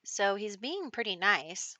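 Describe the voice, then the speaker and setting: Bright-voiced woman narrating a life-sim game. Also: mid-range voice, sing-song, slow pace, dry recording. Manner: chatty, laughs often, speaks lines for characters in passing. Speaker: gameplay commentator. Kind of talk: casual let's-play narration.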